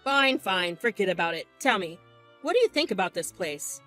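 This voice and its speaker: A woman's voice: mid-range voice, very animated, normal speed, pushed and bright, faint music behind, pitched below the performer's own voice. A woman voicing a jealous, domineering young husband who blusters and pushes. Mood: smug. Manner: pushy, blustering.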